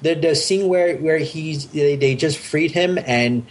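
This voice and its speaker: A man's voice: fairly high pitch, measured pace, a crowd in the background. A man talking casually on a podcast, enthusiastic and rambling, with many restarts and fillers. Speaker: podcast host.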